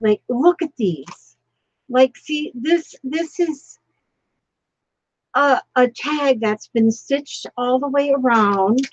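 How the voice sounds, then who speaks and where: Soft-spoken emotional woman. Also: high voice, slow pace, no room sound, lo-fi sound. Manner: emotional, overwhelmed, breathless exclamations. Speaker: crafting vlogger. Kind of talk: casual craft tutorial chat.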